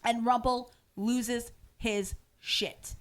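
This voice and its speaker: Animated woman recapping a show. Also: a little high, drawn-out words. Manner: animated storytelling, frequent fillers and restarts. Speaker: podcast co-host. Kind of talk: casual recap of a TV episode.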